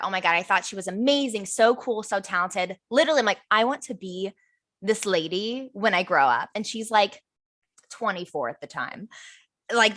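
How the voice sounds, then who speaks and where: A woman's voice: medium pitch, bright, forceful tone. A young woman co-hosting a podcast, telling a story in casual chat and acting out what people said. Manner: bubbly storyteller, acts out quotes. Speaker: podcast co-host.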